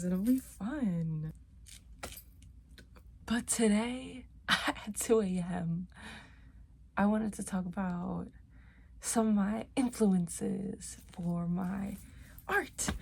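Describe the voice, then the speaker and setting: A young woman chatting casually in her vlog, playful and rambling, with sudden loud exclamations. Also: medium pitch, creaky, a little hiss or hum. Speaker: vlogger.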